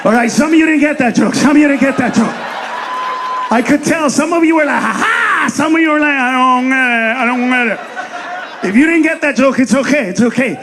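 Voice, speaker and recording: A male stand-up comedian with a high voice works a live crowd from the stage. He is loud and crude and shouts his punchlines into a handheld mic. A faint ambient hum sits under him. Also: quick pace.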